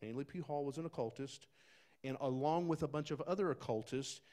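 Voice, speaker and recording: Man, pastor, conversational sermon, folksy asides, loud emphatic peaks. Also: brisk. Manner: swings from quiet asides to loud, high emphatic bursts.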